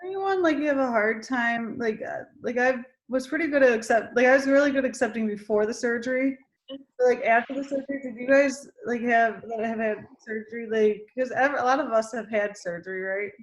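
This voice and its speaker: A woman's voice: a little high, a little fast. A young woman in a casual group chat, hesitant and searching for her words, often laughing at herself. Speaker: support group member.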